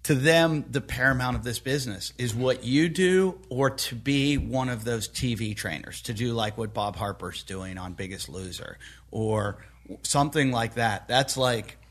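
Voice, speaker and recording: A man's voice: mid-range voice, measured pace, a bit bright. A man hosting a podcast who talks bluntly, airs strong opinions and swears freely. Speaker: podcast host. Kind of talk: casual podcast chat.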